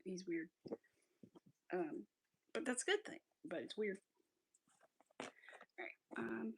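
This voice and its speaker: A woman's voice: mid-range voice, animated, a little slow, vocal fry, long pauses, darkish tone, slight background noise. A woman, hosting a crochet livestream and chatting casually, often laughing and sometimes whispering while she counts stitches. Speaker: craft livestream host.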